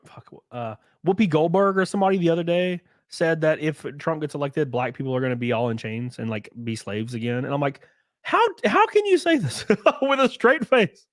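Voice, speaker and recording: A man hosting a livestream, reading viewer donations and ranting in a profane, excitable way. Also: on the high side, moderate pace, no room sound, clean studio sound. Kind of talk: casual livestream chat and rant.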